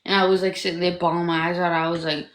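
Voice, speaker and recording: Low-voiced young woman rambling in a roomy room. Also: level tone, fast talker. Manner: rambling, profane, heavy use of "like". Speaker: livestreamer. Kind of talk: casual storytelling chat.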